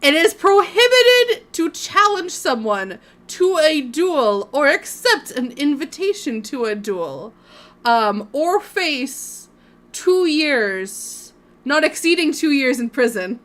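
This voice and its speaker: A woman's voice: high-pitched, sing-song, slow pace, a bit bright. A woman hosting a casual podcast, reading out odd laws and laughing along. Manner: reads out lists, laughing. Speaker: podcast host. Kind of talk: casual chat.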